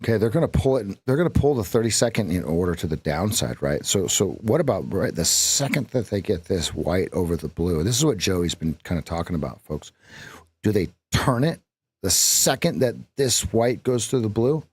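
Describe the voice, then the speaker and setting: A man's voice: on the low side, sing-song, moderate pace, darkish tone, slightly rough. A man hosting a live trading stream as coach, thinking aloud through numbers and joking at his own lines. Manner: chatty, jokes at his own lines and laughs at them.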